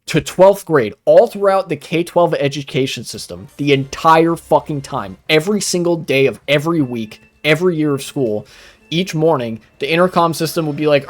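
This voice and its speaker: A man's voice: a little high, animated, normal speed. Rambling, profane young man. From United States. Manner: rambling and profane, many fillers. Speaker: streamer. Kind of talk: casual storytelling while gaming live.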